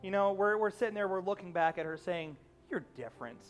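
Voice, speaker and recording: A young pastor with a slightly high voice delivers a sermon like a relaxed conversation. He leans on fillers and restarts, and slips into quoted characters' lines as he retells a scene. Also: quick pace, faint music behind.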